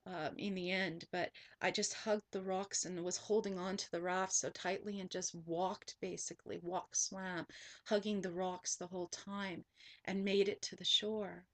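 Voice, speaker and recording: A woman's voice: on the low side, level tone, unhurried. A woman spiritual teacher telling a personal story in an earnest monologue, often repeating herself and restarting sentences.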